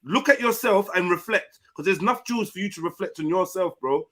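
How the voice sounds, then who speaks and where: A man's voice: high voice, lively intonation, fairly quick, sharp tone. A man hosting a heated online panel, blunt and slangy with plenty of swearing. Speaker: panel host.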